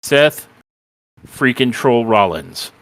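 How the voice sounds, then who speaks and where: A man hosting a wrestling podcast, telling the events of a show like an animated storyteller and acting out the quotes. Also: mid-range voice, slow, dry recording. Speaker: podcast host.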